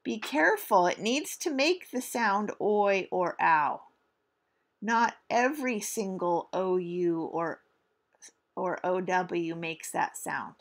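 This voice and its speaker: A middle-aged woman teacher giving a recorded spelling lesson, speaking deliberately and stretching out sounds to demonstrate them. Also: mid-range voice, expressive.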